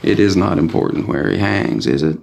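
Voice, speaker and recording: A gravelly lawman bounty hunter. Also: sits low, animated, a little mellow, full character voice. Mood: stiff. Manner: formal, measured old-fashioned speech. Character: stiff self-assured male lawman bounty hunter. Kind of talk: film dialogue.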